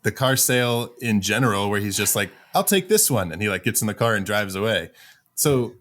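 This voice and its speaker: A man's voice: on the low side, fairly even intonation, brisk, a bit bright. A man co-hosting a podcast in casual chat, blunt and profane, often laughing mid-sentence. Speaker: podcast co-host.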